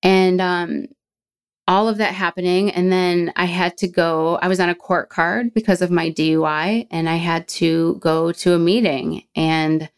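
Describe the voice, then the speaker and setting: Woman in her 40s, low smooth voice, talks blunt and candid, cusses a lot. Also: steady tone, measured pace. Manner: blunt and frank, swears, laughs at herself. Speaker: guest sharing a recovery story. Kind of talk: candid personal storytelling.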